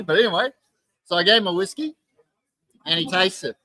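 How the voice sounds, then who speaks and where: Jokey Australian host with a bright voice. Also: male voice, on the high side, normal speed, no room sound, rough recording. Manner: jokey, lively storyteller. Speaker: podcast host, craft distiller. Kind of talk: casual podcast storytelling. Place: distillery bar.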